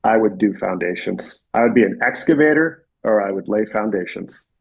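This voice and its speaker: A man's voice: lowish voice, expressive, moderate pace, creaky, husky. A man guest on a podcast, chatting casually about his trade in a laid-back way and acting out his clients. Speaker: podcast guest, plaster contractor. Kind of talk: casual conversation.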